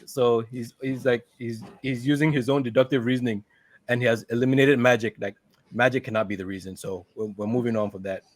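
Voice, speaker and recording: A man's voice: mid-range voice, brisk, no echo. Laid-back man recapping a movie. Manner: animated retelling, laughs often, quoting characters. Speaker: podcast co-host.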